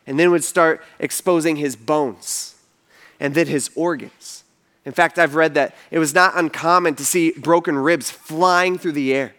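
High-voiced man preaching vividly. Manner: vivid, animated retelling with fillers. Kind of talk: storytelling sermon.

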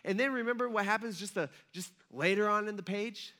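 A male pastor in his thirties preaching a relaxed, conversational sermon. He tells stories with animation and fills his speech with casual fillers. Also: high-pitched, a little fast. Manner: animated storyteller, acts out quotes, many fillers like "like".

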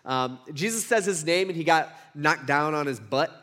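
A man teaching a Bible passage in a casual, conversational way, full of fillers and quick "right?" check-ins. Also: fairly high pitch, fairly bright tone.

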